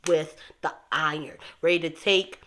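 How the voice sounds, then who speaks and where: Animated woman recapping TV, bright voice. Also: deep voice, normal speed, a little hiss or hum. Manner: animated, emphatic, addresses viewers as y'all. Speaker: TV recap host. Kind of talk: casual recap commentary.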